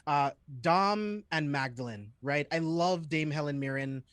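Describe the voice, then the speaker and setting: A man's voice: on the high side, unhurried, fairly bright tone, no room sound. A man as a guest on a film podcast, talking enthusiastically and rambling a little. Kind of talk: casual podcast chat.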